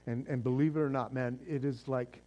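A man's voice: mid-range voice, fairly even intonation, brisk, mellow, muffled recording. A man preaching a sermon as pastor, fervent and casual, often repeating words as he restarts.

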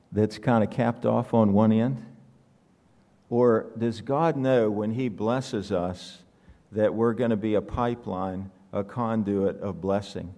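A man's voice: on the low side, mellow. A man preaching a sermon, asking the congregation questions and joking with them. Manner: conversational, asks the congregation questions, joking asides.

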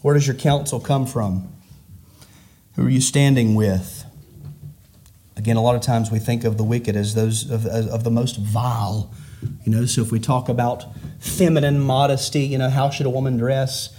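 A middle-aged man preaching a sermon to his church, asking rhetorical questions and rising and falling in pitch. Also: steady tone, normal speed, dark tone. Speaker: pastor.

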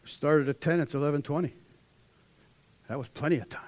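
A young man delivers a fervent sermon in a fairly high voice. He drops to a hush, then climbs into loud, ringing exhortation. The sound is dry and close. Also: brisk, no room sound. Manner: swings between hushed intensity and loud, rising exhortation. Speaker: preacher.

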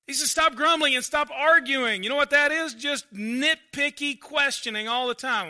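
A male pastor preaching a conversational sermon, swinging between loud emphasis and quiet asides. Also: very high-pitched, normal speed.

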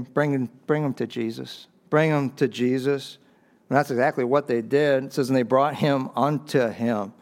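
A middle-aged man preaching a sermon as a pastor, swinging from emphatic raised peaks down to quiet, low stresses, with brief chuckles between phrases. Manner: impassioned, rising to emphatic peaks and dropping low for key points.

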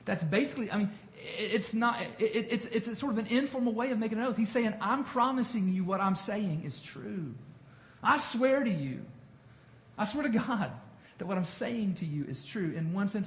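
A man leading a Bible study as pastor, talking conversationally, repeating himself and asking the group questions. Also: high voice. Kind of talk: interactive Bible teaching. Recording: echoey room with faint noise.

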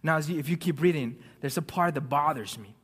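A man preaching a sermon, telling stories with swings from loud excitement to hushed near-whispers. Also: a little high, brisk, slightly rough. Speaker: pastor. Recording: long reverb of a hall.

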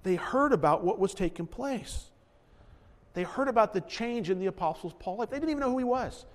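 A man's voice: high-pitched, expressive, brisk. A man preaching a sermon as pastor, earnest, often repeating words as he builds a point. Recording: echoey hall reverb.

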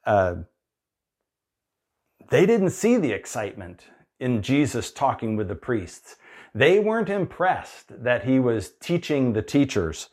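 Unhurried man preaching a sermon. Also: medium pitch, big pitch swings, darkish tone. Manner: unhurried, conversational preaching with playful voiced asides. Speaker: pastor.

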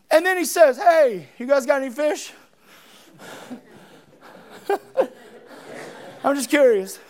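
A middle-aged man with a strikingly high voice preaches a sermon. He is animated and dramatic, slipping into the voices of Bible characters as he tells their stories.

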